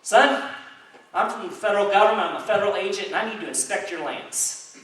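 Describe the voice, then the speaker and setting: Brief: man as a blustering government agent, bossy and loud, heard from a distance in a roomy space. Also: sits high, brisk, pitched above the performer's own voice. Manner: blustering, commanding. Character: pushy male federal agent, arrogant, loud. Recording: echoey hall, distant mic.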